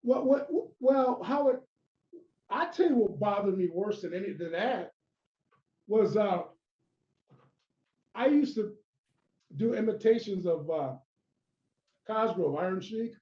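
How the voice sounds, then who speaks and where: A man's voice: sits high, animated, takes it slowly, pauses often, warm tone. A man, a former wrestler, telling stories in a casual interview, rambling and restarting as he acts out old conversations. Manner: rambling, full of restarts and acted-out quotes. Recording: roomy, dull lo-fi sound.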